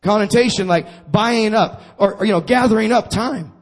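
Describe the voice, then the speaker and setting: A man's voice: high-pitched, moderate pace. A man preaching a sermon to his congregation, calling for responses and repeating his phrases. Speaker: pastor.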